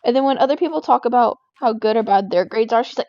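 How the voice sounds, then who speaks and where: A woman's voice: fairly high pitch, quick pace, darkish tone, dry recording, muffled recording. A teenage girl venting casually about a friend while playing a game, rambling and exasperated, with constant "like" fillers. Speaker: gaming vlogger.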